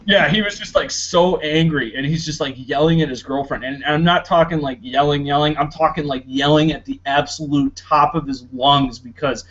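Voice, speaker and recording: A man's voice: fairly high pitch, normal speed, few pauses, a bit bright, muffled recording. A man on a casual podcast, telling stories in a chatty way with laughs and fillers. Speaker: podcast host. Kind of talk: casual chat.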